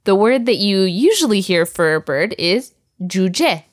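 A woman's voice: medium pitch, very animated, a little slow. A woman teaching vocabulary to a learner, patient and encouraging, often laughing. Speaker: language teacher.

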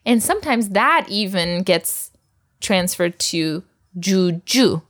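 A woman's voice: mid-range voice, animated, takes it slowly, a bit bright. A woman teaching vocabulary to a learner, patient and encouraging, often laughing. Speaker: language teacher.

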